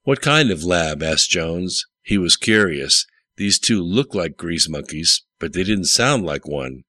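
A man's voice: low voice, lively intonation, takes it slowly, pushed and bright, dry recording. A man narrating a story aloud, plainly, with the odd slip. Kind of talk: audiobook reading.

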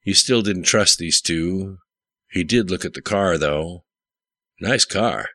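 A man narrating a story in a deep, low voice with a bright edge. The reading is plain, with the odd stumble. The sound is dry and close. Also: unhurried, no echo. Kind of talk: audiobook reading.

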